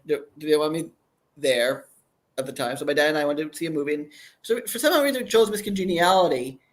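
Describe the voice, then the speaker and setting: Rambling man in his thirties. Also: a little high. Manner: rambling, restarts sentences. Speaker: guest, campaign creator. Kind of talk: casual chat.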